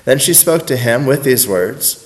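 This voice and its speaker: A man reading scripture aloud at a steady, unhurried pace. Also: medium pitch. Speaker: scripture reader.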